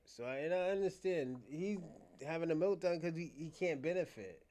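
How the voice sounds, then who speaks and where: A man's voice: fairly high pitch, animated, moderate pace, mellow. Laid-back man chiming in on a show. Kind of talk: casual commentary.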